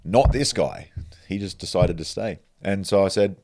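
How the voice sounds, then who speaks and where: A low-voiced man hosts a podcast in casual chat. He tells an animated story, swearing freely and breaking into laughter as he goes. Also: normal speed. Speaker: podcast host.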